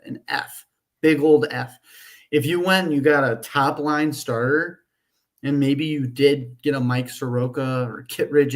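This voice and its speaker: A man co-hosting a sports talk show, ranting with frustration and a lot of swearing. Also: mid-range voice. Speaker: podcast co-host.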